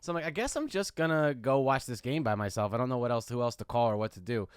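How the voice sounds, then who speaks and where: Fast-talking comedian man, smooth voice. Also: mid-range voice, dry recording, clean studio sound. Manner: joking, storytelling, says dude a lot. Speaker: podcast co-host, comedian. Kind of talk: casual chat.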